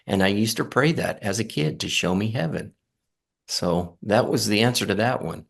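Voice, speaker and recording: Earnest low-voiced middle-aged man. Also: animated, vocal fry, husky. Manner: earnest, halting, many fillers and restarts. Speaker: near-death experience guest. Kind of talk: casual storytelling.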